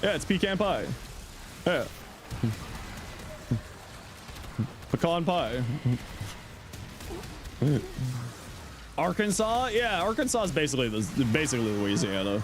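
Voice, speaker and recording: A man's voice: on the high side, sing-song, slow pace, pauses often. A middle-aged man chatting casually on his livestream, answering chat in a playful, teasing way and laughing often.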